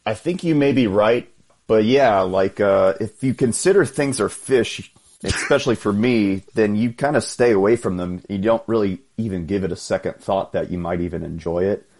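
A man's voice: on the low side, normal speed, creaky, a little mellow. A man, calling in and telling stories in an easygoing way with chuckles. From Texas. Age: 30s. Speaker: caller. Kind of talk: call-in chat.

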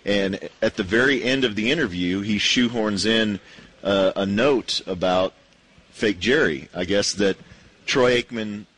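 A man with a low voice co-hosting a radio show. His delivery is dry and wry, relaxed casual banter between hosts. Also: rough recording. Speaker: radio co-host.

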